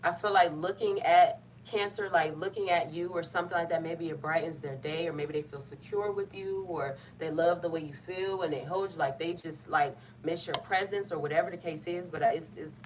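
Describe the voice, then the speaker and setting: With a lowish voice at normal speed and hardly any pauses, a young woman gives a tarot reading that's chatty, colloquial, playful and full of self-interruptions. The recording has a slightly distant mic and a faint hum of background noise.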